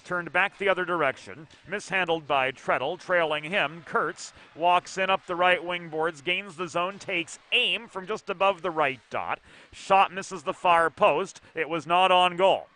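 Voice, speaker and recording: A man calling youth hockey play-by-play from an arena, brisk and precise with dry asides. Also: sits high, pushed and bright. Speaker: play-by-play commentator. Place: ice arena broadcast position.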